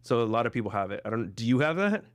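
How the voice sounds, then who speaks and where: A man hosting a relaxed podcast conversation from a video call. He talks in a chatty, joking way, with plenty of fillers and restarts as he goes. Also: mid-range voice, rapid-fire, no room sound. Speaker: podcast host. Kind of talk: casual chat.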